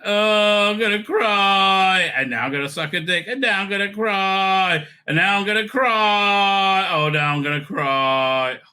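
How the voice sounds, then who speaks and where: A man voicing a mocking parody of a weepy male hero who is always about to cry, in a drawn-out whine. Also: sits high, pushed and bright, clear, resonant tone, heavily acted.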